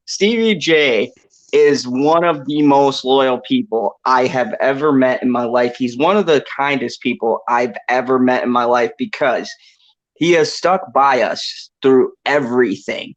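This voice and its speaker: A man's voice: medium pitch, measured pace. Impassioned man hosting a podcast. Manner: impassioned, laughs often, swears. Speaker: podcast host. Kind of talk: casual panel chat. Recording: dull lo-fi call audio.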